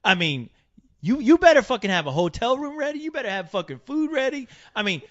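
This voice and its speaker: A man's voice: extremely high pitch, very animated, brisk. A man co-hosting a casual podcast, agreeing, laughing along and swearing casually. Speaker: podcast co-host. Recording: dull lo-fi audio.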